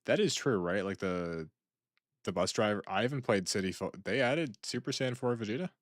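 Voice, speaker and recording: Deep-voiced young man rambling casually. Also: animated, normal speed, no echo, clean studio sound. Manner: rambling, joking, trails off. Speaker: streamer. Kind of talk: casual chat reacting to videos.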